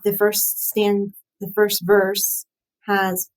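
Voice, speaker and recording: A woman's voice: medium pitch, monotone, drawn-out words, rough recording. A woman hosting a casual live-stream, analysing song lyrics while thinking aloud, with frequent fillers, restarts and light laughs at herself.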